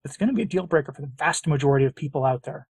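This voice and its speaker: A middle-aged man from the United States with a husky, slightly high voice hosts his own commentary show. He reads out news quotes and answers them with emphatic sarcasm and repeated phrases. His voice sounds dry and close. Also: animated, very fast, darkish tone, dry recording. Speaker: commentary channel host.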